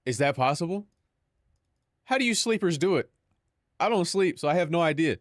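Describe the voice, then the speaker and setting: Young guy streamer rambling and joking with chat, kinda high voice. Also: lively intonation, normal speed, no echo, studio quality. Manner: joking, mock-dramatic, chatty with filler words. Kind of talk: casual live-stream chat.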